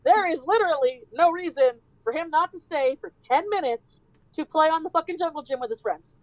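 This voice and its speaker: A woman streamer telling a story in casual chat, animated and swearing freely. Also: sits high, fairly quick, no room sound, rough recording.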